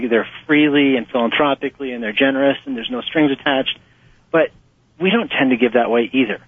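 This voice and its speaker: A man with a husky, slightly rough voice talks through his ideas in a loose, animated way, laughing easily and jumping into little acted-out quotes. The sound is dry and tinny, like a phone line. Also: mid-range voice, no echo. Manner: animated, laughs often, acts out quotes in a raised voice. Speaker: author and nonprofit fundraising guest. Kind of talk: conversational interview answers. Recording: muffled phone-line audio.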